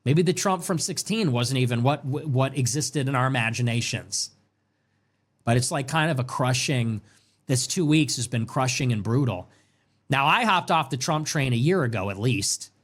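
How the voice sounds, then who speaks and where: A young adult man hosting a political commentary show, delivering a sarcastic, emphatic rant that swings between loud jabs and low mutters. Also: lively intonation, moderate pace. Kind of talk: ranting political commentary monologue.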